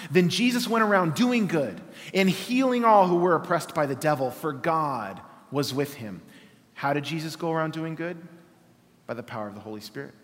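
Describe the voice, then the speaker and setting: A man's voice: a little high, a bit bright, in a large hall. A man preaching a sermon, reading scripture aloud and pressing his points with emphatic rhetorical questions.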